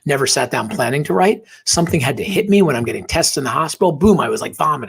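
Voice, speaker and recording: Husky man telling a heartfelt story. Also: mid-range voice, animated, quick pace. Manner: earnest, emotional, drops to a whisper at tender moments. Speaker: podcast guest. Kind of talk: personal storytelling in an interview.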